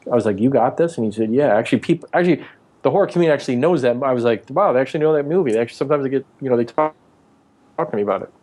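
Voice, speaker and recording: A man's voice: mid-range voice, rapid-fire, mellow. A man in his forties, an actor and author being interviewed, telling rambling anecdotes and acting out what people said. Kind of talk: casual interview storytelling.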